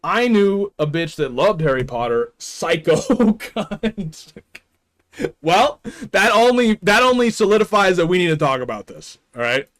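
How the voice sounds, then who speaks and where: A man's voice: high-pitched, big pitch swings, moderate pace, fairly bright tone. A man streaming live, talking casually in an opinionated, rambling way and laughing often.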